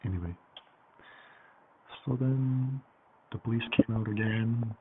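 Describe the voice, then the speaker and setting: A man with a medium-pitched voice speaks slowly, rambling casually through a story packed with fillers and swearing. The audio is tinny and phone-like, with a faint hiss.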